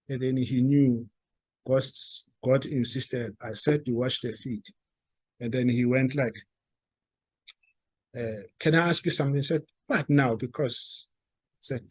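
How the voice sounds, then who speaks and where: A man with a South African accent telling a story to a live audience, halting and restarting, and acting out the quoted dialogue. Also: mid-range voice, husky, no echo. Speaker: speaker at a talk. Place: meeting room.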